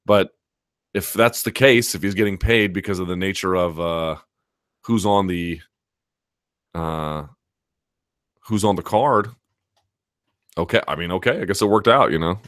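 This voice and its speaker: Low-voiced man telling a story, casual. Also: unhurried, long pauses, fairly bright tone, dry recording, clean studio sound. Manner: rambling storyteller, many fillers and restarts. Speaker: host. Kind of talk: casual live chat.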